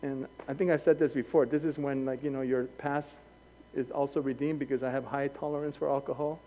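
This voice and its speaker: A man preaching a sermon, moving from quiet storytelling to shouted passion. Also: mid-range voice, flat delivery, fairly quick, slight background noise. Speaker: pastor. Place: church hall. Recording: dull, long-echo church sanctuary.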